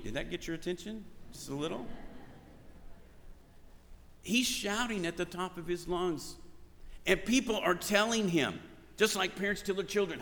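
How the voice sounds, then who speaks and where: A man preaches a sermon, telling stories with energy and acting out the quotes. His voice sits a little high and sounds bright and forceful. A long reverb from a large hall trails behind his words. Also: moderate pace. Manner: animated storytelling, acting out shouted quotes. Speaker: pastor.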